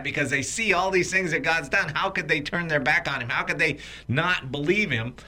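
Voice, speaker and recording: A man's voice: fairly high pitch, brisk, few pauses, pushed and bright. A man co-hosting a Christian talk show, telling stories conversationally and acting out quotes. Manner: conversational storyteller, acts out quotes. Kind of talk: faith talk show discussion.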